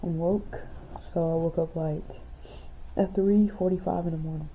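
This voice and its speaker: A young woman speaks softly in a casual video diary, her voice low and drowsy. Her tone stays flat and even. The sound is tinny and phone-like, with a faint hiss underneath. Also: moderate pace. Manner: soft-spoken, quiet and sleepy. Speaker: vlogger. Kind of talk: casual video diary, reading her own letter aloud.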